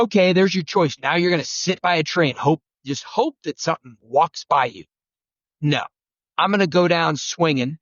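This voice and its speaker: A man who is a guest turkey-hunting expert, telling rambling, animated stories and acting out quotes. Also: on the high side, no room sound, highs cut off. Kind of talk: storytelling conversation.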